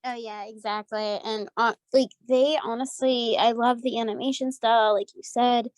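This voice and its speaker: A woman's voice: on the high side, fairly even intonation, moderate pace, a little mellow, no echo. A woman from the United States, a voice actress, chatting in an upbeat, effusive way with frequent fillers. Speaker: voice actress guest. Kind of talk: casual interview.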